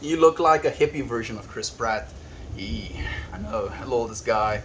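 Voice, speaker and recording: A South African man chatting on a livestream, soft-spoken and reflective, reading viewers' messages aloud. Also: lowish voice, expressive, unhurried, a little hiss or hum. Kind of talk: casual livestream chat.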